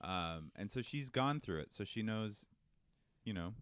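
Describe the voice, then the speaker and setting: A man's voice: fairly low pitch, lively intonation, a little slow, a bit bright, clear, resonant tone, dry recording, studio quality. A man co-hosting a podcast in casual chat, rambling and self-deprecating, trailing off with fillers. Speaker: podcast co-host.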